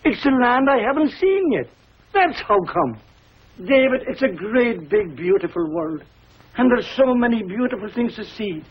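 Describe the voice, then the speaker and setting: An actor playing a lonely, warm-hearted older Irish tailor, with a husky voice and a lilting Irish brogue. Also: male voice, sits high. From Ireland. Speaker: visiting cousin, a tailor. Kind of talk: 1950s TV sitcom acting. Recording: dull lo-fi 1950s TV audio.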